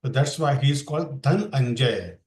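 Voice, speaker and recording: A man's voice: mid-range voice, expressive, moderate pace, darkish tone, echoey room, poor audio. A man teaching a scripture class online, explaining verses and asking his students questions. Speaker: Bhakti yoga teacher.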